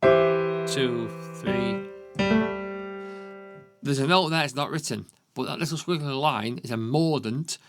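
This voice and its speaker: A man's voice: mid-range voice, brisk, few pauses. A man with a Yorkshire accent teaching a beginner piano lesson, counting beats aloud and checking in with frequent "okay?". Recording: piano music loud underneath. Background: piano playing.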